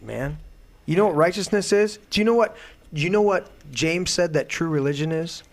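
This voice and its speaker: A man's voice: a little high, lively intonation, fairly quick. Indignant swearing man ranting. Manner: loud, indignant, heavy swearing. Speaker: host. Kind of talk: profane political rant.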